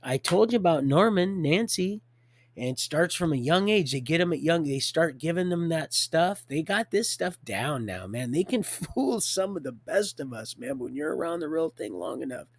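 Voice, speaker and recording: A man hosting a livestream, rambling through a religious monologue, swinging from hushed to loud and laughing often. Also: a little high, dry recording. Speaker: livestream host.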